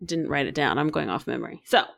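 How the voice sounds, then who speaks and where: Woman co-host, sore throat, lively swooping pitch, chatty and profane. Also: fast, gravelly. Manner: animated, swears casually, jokey asides. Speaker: podcast co-host. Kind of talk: casual book chat.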